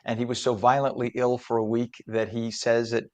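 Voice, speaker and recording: A man hosting morning television with a brisk, joking delivery. He runs quickly through traffic reports and guest intros. His pitch sits in an ordinary middle range. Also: little pitch movement. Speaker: morning show host. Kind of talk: live TV morning show hosting.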